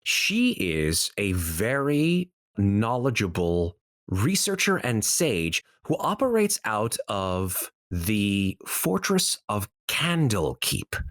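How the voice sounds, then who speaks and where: A man narrating as dungeon master in a measured, descriptive way. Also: lowish voice, sing-song, fairly bright tone, no echo, clean studio sound. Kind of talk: narrating a tabletop game.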